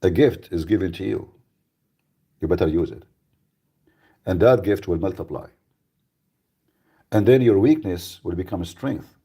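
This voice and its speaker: A man's voice: deep voice, measured pace, long pauses, warm tone, slightly rough. A middle-aged man from the Middle East, English not his native language, giving an earnest personal testimony on live radio with emphatic rhetorical questions. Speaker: radio host.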